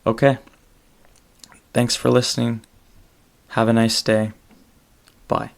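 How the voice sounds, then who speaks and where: A man talks alone on his podcast, slow and unhurried, with a gravelly, creaky edge to his voice. His pitch stays flat and level. He rambles and stalls on fillers as he goes. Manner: rambling, halting, many fillers. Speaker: solo podcast host. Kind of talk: casual solo podcast monologue.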